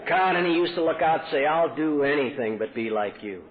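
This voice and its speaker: On a tinny lo-fi 1980s convention tape, a middle-aged Texan man stands at a podium telling his recovery story, earnestly acting out the dialogue he quotes. His voice runs on the high side, expressive and fairly quick, with crowd noise behind him.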